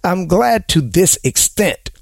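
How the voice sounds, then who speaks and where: A man hosting a casual advice talk show, talking in an animated way and slipping into exaggerated impressions of people. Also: high-pitched, slow pace, gravelly, breathy edge, no echo, clean studio sound.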